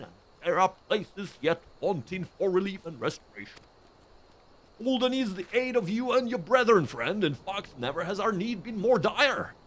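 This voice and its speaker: A man putting on a humble little old station master. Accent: American. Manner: raised pitch, formal storybook delivery.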